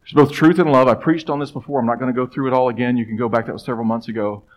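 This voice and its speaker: A middle-aged man preaching a sermon as pastor, conversational and emphatic, with pauses and stressed phrases. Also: medium pitch, steady tone, low-quality recording.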